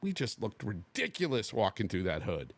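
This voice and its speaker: A man's voice: fairly low pitch, moderate pace, no room sound. A man from the Bay Area hosting a podcast, telling a casual story and acting out what other people said. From Bay Area, USA. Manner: animated, acts out quotes of others. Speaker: podcast host.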